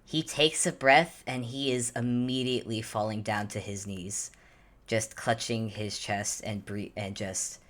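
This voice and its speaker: A tabletop game player narrates a scene at an unhurried pace, often stopping to correct a word. The voice sits in an ordinary middle range. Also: mid-range voice, flat delivery. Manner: slow, searching, with restarts.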